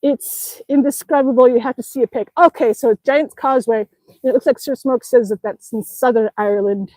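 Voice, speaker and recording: A woman's voice: on the high side, a little fast, warm tone, no room sound, rough recording. A woman vlogger chatting on a live stream outdoors in the snow, reading viewer comments aloud and laughing often, a little out of breath from a workout. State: slightly out of breath from exercising outdoors.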